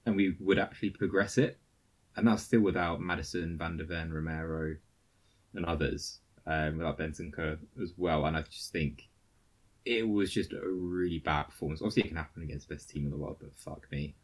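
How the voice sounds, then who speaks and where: A man's voice: low voice, fairly even intonation, a little fast. A man co-hosting a casual football podcast, giving crude, swearing, run-on match analysis. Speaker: podcast co-host.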